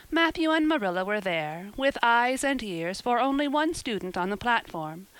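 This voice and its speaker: Woman narrating a storybook, smooth and clear. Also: mid-range voice, a bit bright, no echo, rough recording. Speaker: audiobook narrator. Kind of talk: scripted narration.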